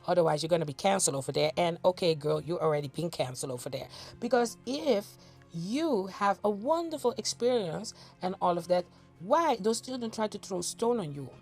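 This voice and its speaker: A woman's voice: fairly low pitch, lively intonation, fairly quick, darkish tone, soft background music. A woman giving sarcastic, scolding reaction commentary on video clips, mocking and challenging the person she watches.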